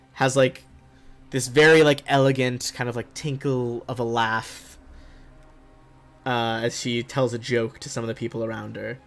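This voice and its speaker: A man narrating as game master in loose, filler-heavy chat. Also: medium pitch. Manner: loose, full of "like" and "uh".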